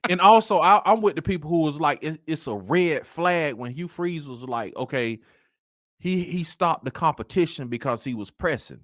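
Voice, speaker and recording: Animated man hosting sports talk. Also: a little high, no room sound, clean studio sound. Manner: animated, repeats "man" often, drawn-out emphasis. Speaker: sports talk show host.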